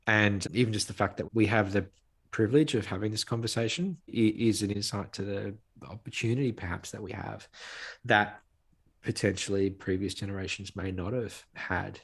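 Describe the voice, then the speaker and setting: A man's voice: lowish voice, steady tone, normal speed, gravelly, slightly rough. A man, a guest on a podcast, speaking earnestly in conversation and stressing points by repeating phrases. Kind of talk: conversational interview.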